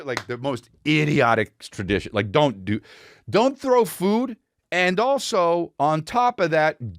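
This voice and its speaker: A low-pitched man talks on his own podcast in a loose, rambling comic monologue, often stopping to mimic voices and noises. He swears freely. The recording is close and dry, with no room sound. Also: a bit bright, no room sound. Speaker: podcast host. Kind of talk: casual comedic monologue.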